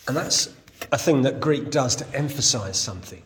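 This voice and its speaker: A man preaching a sermon. He tells the story in an animated voice that rises and falls widely, and he keeps asking his listeners questions. His pitch sits in an ordinary middle range. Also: normal speed, big-room sound, slight background noise. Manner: lively, storytelling, rhetorical questions. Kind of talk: sermon, Bible exposition.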